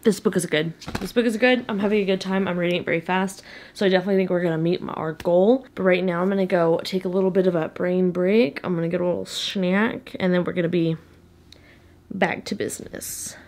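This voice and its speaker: A woman talks casually to her camera about her reading. Her voice sits on the low side and is playful, now and then dropping to a whisper. A faint hiss of room noise sits behind her. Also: fairly even intonation, a little fast, darkish tone. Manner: chatty and playful, drops to a whisper at times. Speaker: reading vlogger. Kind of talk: casual vlog chat. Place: home, indoors.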